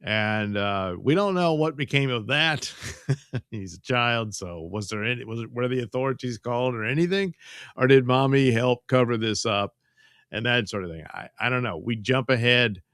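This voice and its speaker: A man's voice: mid-range voice, normal speed, a bit bright, smooth, dry recording, clean studio sound. A man hosting a live stream and retelling a movie plot in a loose, rambling way, stammering and chuckling as he goes. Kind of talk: casual live-stream chat.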